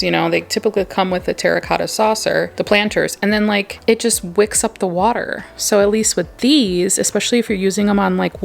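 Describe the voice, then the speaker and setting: A young woman plant vlogger with a medium-pitched voice and vocal fry films her plant shelves at home on a handheld camera. She chats casually and gushes, sometimes dropping to a whisper.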